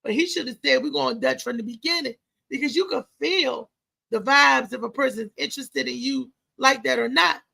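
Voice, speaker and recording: A woman's voice: sits high, normal speed, gravelly, sharp tone, breathy edge. A middle-aged woman, hosting a live show in a chatty, emotional, preachy way. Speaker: host. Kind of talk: casual live show talk.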